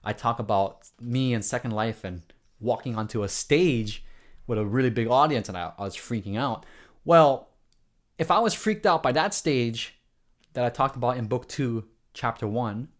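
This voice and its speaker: A man with a Hawaiian accent tells stories for his vlog in an earnest, rambling way. He often restarts his sentences and breaks off into asides. His voice sits at an ordinary middle pitch for a man. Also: moderate pace. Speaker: vlogger. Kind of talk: casual storytelling vlog.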